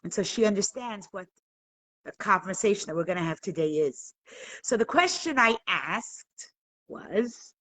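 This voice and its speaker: A woman's voice: medium pitch, lively intonation, normal speed, a bit bright, no echo, poor audio. A woman teaching a live online class, earnestly asking questions and inviting viewers to answer. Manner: earnest, questioning, engages the audience. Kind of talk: live-streamed talk to viewers.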